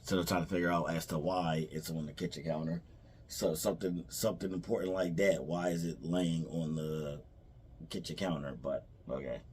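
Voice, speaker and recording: This man's low, darkish voice holds a steady tone at a normal speed as he retells a film's story for a review, full of fillers, restarts and character quotes. There's slight background noise.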